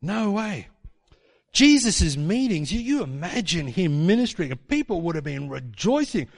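A man preaching a sermon in a church hall, animated and mocking as he acts out quotes in put-on voices. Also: sits high, moderate pace. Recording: long hall reverb.

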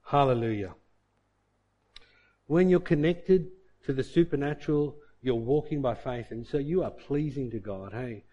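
A man's voice: medium pitch, moderate pace, lo-fi sound. A man preaching a sermon and telling a personal story in a conversational way, with asides to the listeners. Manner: conversational, with many restarts and asides to the congregation.

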